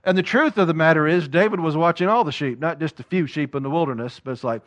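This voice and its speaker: A man's voice: fairly high pitch, quick pace, few pauses. A man preaching a sermon, reading scripture and acting out voices with questions to the congregation.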